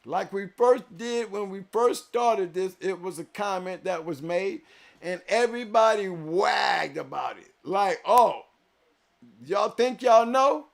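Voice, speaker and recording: Speaking to viewers on his live-stream show, a man with a notably high, creaky voice drives his points home and repeats them for weight. He talks a little slowly and swings from loud, emphatic declarations to low, quiet reflection.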